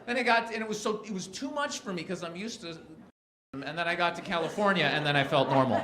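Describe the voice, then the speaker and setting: A man's voice: high-pitched, quick pace, background noise. A man doing a stand-up comedy set at a live event, telling stories and acting out the people in them. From Canada. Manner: animated storytelling, acts out quoted characters.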